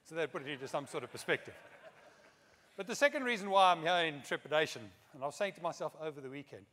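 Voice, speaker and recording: A man's voice: on the high side, expressive, quick pace, a bit bright. A middle-aged man giving a conference speech, telling humorous anecdotes and quoting others in his own voice. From South Africa. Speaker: keynote speaker. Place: conference hall. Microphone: podium microphone. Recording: long hall reverb.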